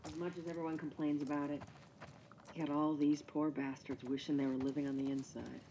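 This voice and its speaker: A woman's voice: sits low, level tone, fairly quick, dark tone, a little hiss or hum. An actress playing a tough, weary woman smuggler in a video game, blunt and dry.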